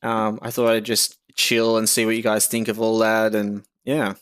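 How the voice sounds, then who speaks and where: A man's voice: on the low side, completely flat delivery, normal speed, a bit bright, smooth. A young Australian man chatting casually with viewers during a live game stream, reading chat aloud with lots of fillers.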